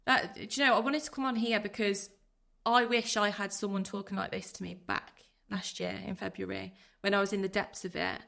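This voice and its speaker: A woman in her thirties speaks with a gravelly, creaky edge to her voice. She talks earnestly and from the heart, pouring out her thoughts in rushes as a guest on a podcast. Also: medium pitch, steady tone, pushed and bright. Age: 30s. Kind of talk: emotional personal interview.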